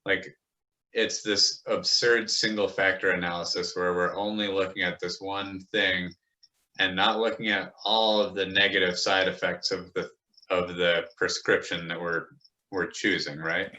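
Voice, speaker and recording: A man's voice: deep voice, level tone, unhurried, sharp tone. A man talking as a podcast guest in casual conversation, emphatic and indignant, swearing casually. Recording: slightly muffled lo-fi audio.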